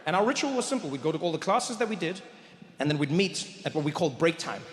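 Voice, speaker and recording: Man, stand-up comedian, high voice, animated storytelling, live hall with long reverb, faint room noise. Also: fast. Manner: animated storyteller, bursts into loud high shouted character voices. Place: large theater stage with audience. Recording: echoey hall, live stage mic.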